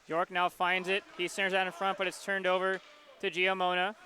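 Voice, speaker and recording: Play-by-play man, high bright voice, flat delivery, hockey call. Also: slight background noise. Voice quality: quick, rhythmic calling of the action. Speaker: play-by-play announcer. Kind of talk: live hockey play-by-play commentary.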